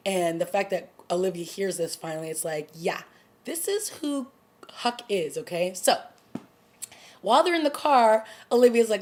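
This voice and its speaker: A woman vlogger casually recapping a TV drama episode, excited and gossipy, acting out the characters' lines. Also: mid-range voice, moderate pace. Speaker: TV review vlogger. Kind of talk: casual chat.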